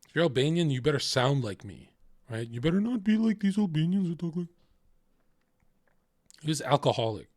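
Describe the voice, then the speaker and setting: A man's voice: fairly high pitch, expressive, a little fast, pauses often, a little mellow, no echo, studio quality. A man livestreaming, ranting casually in a heated, profane, rambling way.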